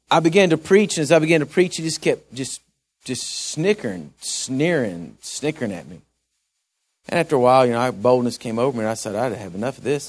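A man preaching a sermon in a church, telling a jail story in a folksy, halting way and building to emphatic exhortation. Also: mid-range voice. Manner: folksy, halting delivery with repeated restarts. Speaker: pastor.

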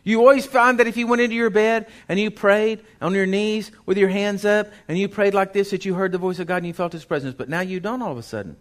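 Pastor guy preaching, folksy and chatty, bit higher voice, gets fired up. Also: steady tone, fast talker, few pauses. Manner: folksy, conversational preaching with rising intensity. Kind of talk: sermon.

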